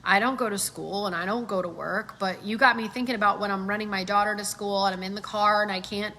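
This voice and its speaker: A middle-aged woman giving casual sales coaching, animated and acting out customer voices as she talks. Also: mid-range voice. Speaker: sales trainer.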